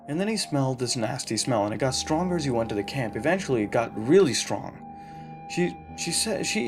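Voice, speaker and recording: A man reading a first-person horror story aloud in a casual, profane way, with fillers and restarts. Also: medium pitch. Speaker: narrator. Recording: narration over music.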